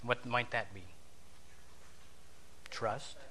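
A man's voice: mid-range voice, fairly even intonation, extremely slow, bright, forceful tone, slight background noise. A man giving a conversational sermon lesson, telling a story, acting out bits of dialogue and asking his listeners questions.

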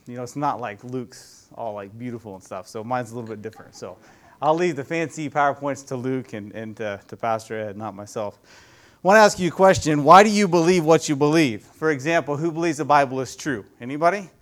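A youth pastor giving a casual, conversational sermon in a church, often putting questions to the audience. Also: male voice, mid-range voice, brisk.

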